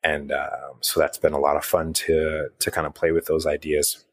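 A man's voice: rumbling low, flat delivery, moderate pace, no echo, clean studio sound. A man co-hosting a casual podcast chat about running tabletop games, rambling with many restarts. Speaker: podcast co-host and game master.

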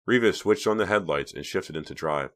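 A man narrating a teen thriller audiobook in an even, measured storytelling manner. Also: sits low.

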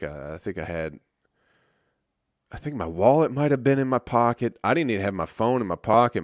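Man, very low voice, stand-up comedian, casual storytelling, laid-back, profane, rambling, dry sound. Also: no echo.

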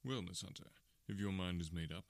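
A man voicing a calm, measured male detective in an audiobook, speaking quietly and deliberately. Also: low voice, gravelly, dry recording, pitched below the performer's own voice.

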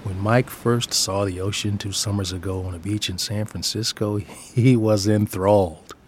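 A man's voice: lowish voice, steady tone, moderate pace, slight background noise. A father reading his own personal essay aloud in a reflective way, often dropping into a near whisper.

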